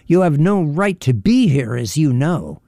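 A man's voice: on the high side, very animated, measured pace, vocal fry, dark tone, dry recording, studio quality, pitched above the performer's own voice, full character voice. A man doing a piercing, mocking brute. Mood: taunting. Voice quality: piercing, disagreeable. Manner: boisterous, taunting. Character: thickset brutish man, loud, mocking.

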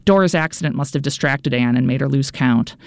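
A woman's voice: extremely low pitch, fairly quick, creaky, no echo. A woman narrating a first-person audiobook in an earnest, anxious inner-monologue manner.

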